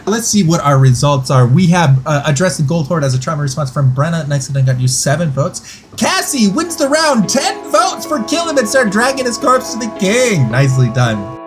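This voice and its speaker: A man's voice: a little high, big pitch swings, soft background music. Playful man hosting a game show. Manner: playful, quick to laugh. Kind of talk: reading prompts and results on a live stream.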